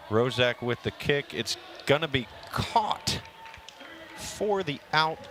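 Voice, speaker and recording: A man's voice: mid-range voice, lively intonation, slow, fairly bright tone, slight background noise. A man calling a casual kickball game as play-by-play commentator, chatty and joking with his partner.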